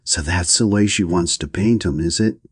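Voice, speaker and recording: A man voicing a blunt, impatient young woman in an audiobook reading, talking roughly and curtly. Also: sits low, normal speed, no echo, clean studio sound. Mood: incredulous. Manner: rough, curt, scornful.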